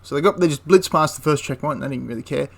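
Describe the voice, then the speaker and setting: A man's voice: on the high side, quick pace, vocal fry. A man casually retelling a wartime story for a history channel, rambling with frequent restarts and asides.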